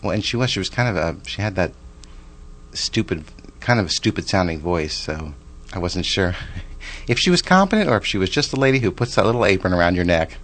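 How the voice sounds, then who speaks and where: A man in his forties casually tells a personal story about his day in a very low voice with lively intonation, a bit bright and a little fast. He's loose and chatty, often restarting sentences and drifting into side remarks.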